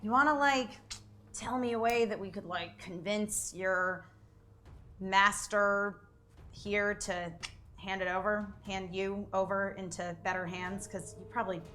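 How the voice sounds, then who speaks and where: A woman's voice: medium pitch, steady tone, a little slow, sharp tone, a little hiss or hum. A woman playing a tabletop role-playing game, casual and laid-back, filling her talk with "like". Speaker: player.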